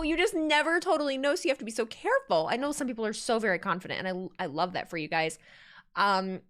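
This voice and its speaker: A woman's voice: on the high side, animated, fast talker, fairly bright tone. A woman live-streaming her reaction to a wrestling show, chatting casually, laughing often and reading viewer messages aloud.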